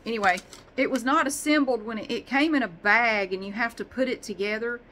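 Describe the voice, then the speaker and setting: A woman vlogger rambles in casual chat, swearing lightly and poking fun at herself. Her voice is bright and forward, with a faint hiss of noise in the background. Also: a little high, fairly quick, low-quality recording.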